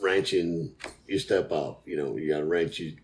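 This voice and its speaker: A man's voice: rumbling low, normal speed. A man in casual podcast chat, telling jokes and stories in a folksy way.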